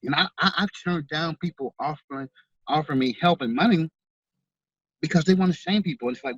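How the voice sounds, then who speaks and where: A man's voice: on the high side, a little fast, slightly rough, no echo, dull audio. A man giving an interview, talking in an earnest, heartfelt way and often repeating words as he speaks. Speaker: author and veterans charity organizer. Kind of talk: interview guest.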